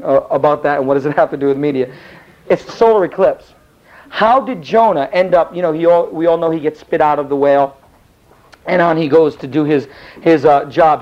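A man teaching a Bible class in a casual, rambling storytelling style, acting out the characters as he goes. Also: on the high side. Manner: rambling, animated, acts out the characters. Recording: dull lo-fi recording.

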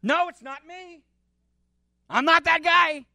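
A man voicing an impulsive, frightened apostle who shouts his denials in high, strained bursts. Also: slow pace, gravelly, no room sound, clean studio sound, full character voice. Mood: panicked. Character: anguished apostle, grown man, panicky and impulsive.

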